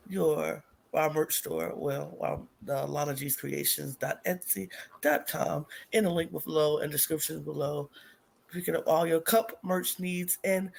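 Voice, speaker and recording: A woman co-hosting a casual podcast, sassy and raspy, playing up a diva persona. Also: sits low, a little mellow, a little hiss or hum. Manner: sassy, self-styled diva, drawling. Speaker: podcast co-host.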